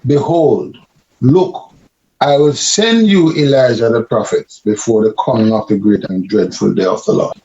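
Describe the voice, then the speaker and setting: A man's voice: mid-range voice, moderate pace, warm tone, muffled recording. A man in a group Bible study, thoughtfully explaining at length how he reads a verse. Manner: reflective, explains his reading at length. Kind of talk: casual group discussion.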